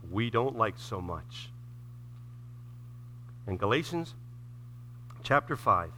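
A man preaching a sermon as pastor, swinging between loud emphatic passages and hushed near-whispers, repeating phrases for emphasis. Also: medium pitch, a little hiss or hum.

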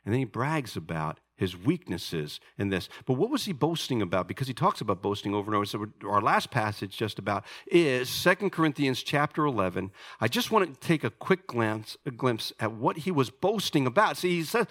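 A man preaching a sermon in a bright, forward voice. He is emphatic, and his voice climbs high and loud as he reads scripture, then drops low and quiet to close each point. His pitch sits in an ordinary middle range. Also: animated, moderate pace. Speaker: pastor.

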